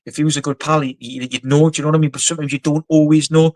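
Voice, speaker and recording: A man's voice: a little high, flat delivery, racing, darkish tone, no room sound. A man talking as a guest on a video call from offshore quarters, rambling and swearing bluntly. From England. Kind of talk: casual interview chat.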